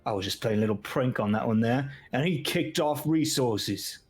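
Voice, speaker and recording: A man voicing a brash male dragonborn troublemaker who talks in rough slang. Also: medium pitch, normal speed, close to an everyday voice. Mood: defensive. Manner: rough slangy grammar, defensive.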